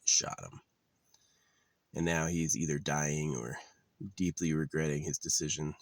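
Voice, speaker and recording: A man's voice: rumbling low, fairly even intonation, unhurried, no room sound. A man talking in a casual, rambling monologue, blunt and profane with a wry edge. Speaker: vlogger. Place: living out of his car.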